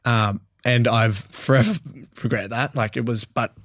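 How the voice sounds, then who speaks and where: A man's voice: mid-range voice, fairly even intonation, unhurried, a bit bright, no echo, studio quality. A young Australian man in his twenties, a podcast guest, telling a story bluntly and emotionally, swearing freely and laughing often. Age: 20s. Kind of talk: candid podcast interview.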